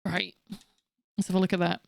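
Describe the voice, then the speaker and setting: A woman's voice: fairly low pitch, flat delivery, a little fast, creaky, dry recording, clean studio sound. A woman in her late thirties streaming a game, talking frankly and swearing while she rants and jokes. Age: late 30s. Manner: frank and sweary, ranting with laughs. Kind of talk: casual game stream chat.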